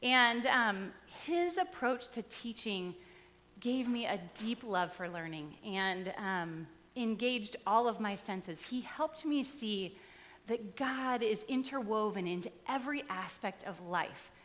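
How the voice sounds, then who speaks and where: A woman's voice: medium pitch, slow pace, fairly bright tone. A woman pastor giving a sermon, telling stories from her life in an easy, conversational way with touches of humor. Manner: conversational storytelling with light humor. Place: church sanctuary. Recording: long reverb in a large hall.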